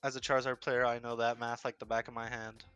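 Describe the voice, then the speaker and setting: Bright-voiced male game caster. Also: mid-range voice, level tone, fast, clear, resonant tone, dull audio, faint music behind. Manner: analytical, upbeat play-by-play. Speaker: esports caster. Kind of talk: casual game commentary.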